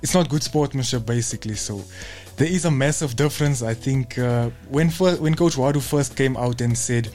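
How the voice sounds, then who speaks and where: A man, co-hosting a football discussion in a measured, reasoned way, his lines often trailing off softly. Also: mid-range voice, faint music behind. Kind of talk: studio discussion.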